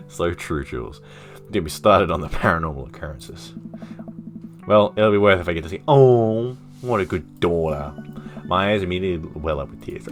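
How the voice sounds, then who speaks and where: A man's voice: sits low, normal speed, faint music behind. A man streaming a dating game, reading its dialogue aloud with playful, self-mocking asides. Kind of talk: casual let's-play commentary, reading dialogue aloud.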